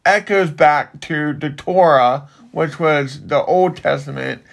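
A man with a slightly raised, gravelly voice talks through scripture in a slow, meandering way. He stops and restarts often as he explains. It sounds like an easygoing Bible study chat. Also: on the high side. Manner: rambling, restarts a lot, drawn-out explanations. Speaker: minister.

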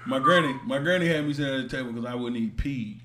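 A man's voice: mid-range voice, quick pace, bright, forceful tone, reverberant. A man joking around in slangy casual banter as a podcast co-host. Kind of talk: casual chat.

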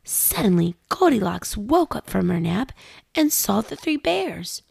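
Slow gravelly mother reading a storybook. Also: mid-range voice, sing-song, a little mellow, no echo. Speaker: mother reading children's book. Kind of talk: storybook read-aloud.

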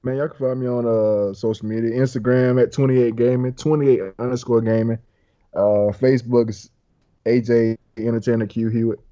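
A man's voice: medium pitch, little pitch movement, moderate pace, dark tone, no room sound, lo-fi sound. A man guesting on a podcast, laid-back as he plugs his social media. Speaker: podcast guest, spoken word artist. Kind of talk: casual podcast banter.

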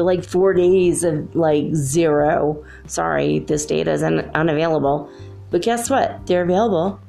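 Low, gravelly-voiced woman vlogging. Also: mellow. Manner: rambling, chatty, uses "like" often. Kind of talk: casual spiritual vlog commentary. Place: her room at home, alone.

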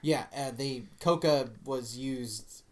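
Rambling, crude podcast co-host. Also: male voice, mid-range voice, takes it slowly, a little mellow. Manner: crude, rambling, heavy with fillers. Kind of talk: casual rambling chat.

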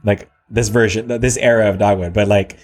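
A man with a somewhat low voice chats loosely about music, drifting between thoughts. He stalls, restarts, and leans on fillers as he tells his story. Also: steady tone, a little mellow. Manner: rambling, halting, lots of "like" and restarts. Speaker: musician guest. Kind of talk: casual chat.

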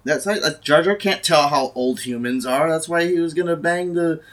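A man's voice: fairly high pitch, normal speed, a bit bright. A young man in a casual podcast chat, playful and joking. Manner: playful, does silly voices.

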